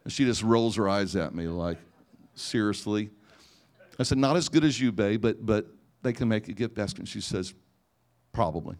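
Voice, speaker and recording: A pastor with a lowish, slightly mellow voice talks fairly quickly through his sermon. He acts out conversations from his personal stories, restarting phrases often.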